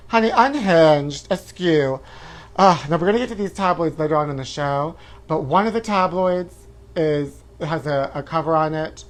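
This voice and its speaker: A man hosting a live-stream chat show, campy and flamboyant, calling viewers honey and letting out shrill woos. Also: moderate pace. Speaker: host.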